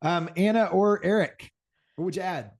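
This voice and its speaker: A man's voice: sits high, normal speed. Affirming male podcast host. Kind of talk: panel discussion.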